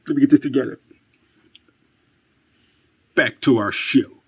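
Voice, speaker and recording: Slow, husky man narrating mock suspense. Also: medium pitch. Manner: dramatic, slow and hushed, building to excited outbursts; wry, self-mocking asides. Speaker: storyteller.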